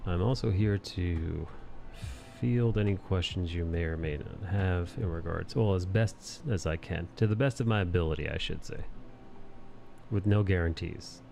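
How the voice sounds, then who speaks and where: A man in his thirties chats with viewers on a live stream, rambling and joking crudely. His voice is low with a gravelly fry. Faint music plays in the background. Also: normal speed, warm tone. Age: 30s. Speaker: live-stream host and artist. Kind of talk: casual live-stream chat.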